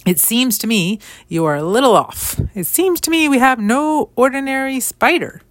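A sharp-witted farmer's wife in a storybook, bewildered then skeptical, with a pitch lifted above the reader's own, as a woman reads her. Dry and close to the mic. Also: lively intonation, normal speed, no echo, lightly acted.

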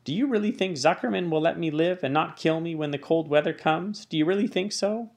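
A frightened, pleading young pig from a storybook, his voice pushed up high above a gravelly base, as a male reader puts him on. He sounds needy and unsure. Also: huge pitch swings, moderate pace, a little mellow, full character voice. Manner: high, anxious and begging.

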